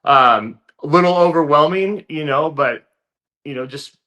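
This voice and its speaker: A man guest in an interview, telling a story in a relaxed, casual way with lots of fillers. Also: fairly high pitch, moderate pace. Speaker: interview guest, fighter turned actor.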